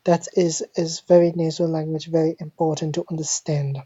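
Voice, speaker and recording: A woman giving a deadpan parody language lesson, speaking slowly and deliberately and repeating each word like a teacher. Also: sits low, husky, dry recording. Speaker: mock French teacher. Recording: dull lo-fi phone screen recording.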